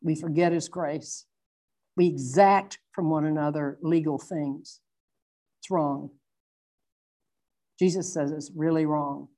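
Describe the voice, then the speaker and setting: A middle-aged woman preaching a sermon, earnest and reflective, slowing down to stress her points. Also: low voice, fairly even intonation, warm tone. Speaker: Bible teacher.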